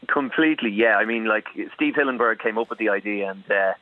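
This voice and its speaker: A man, a voice actor, tells a story down the phone line in a relaxed, chatty way. His line sounds thin and tinny, dry with no room around it. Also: lowish voice, a little fast, no echo. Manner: chatty, laughs easily, storytelling. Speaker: voice actor guest. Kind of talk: casual radio interview by phone.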